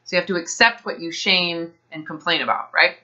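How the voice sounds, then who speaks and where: Blunt woman coach, slightly low pitch, bright tense tone, lo-fi sound. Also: fairly quick. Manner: blunt, direct advice. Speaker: health coach. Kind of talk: coaching call.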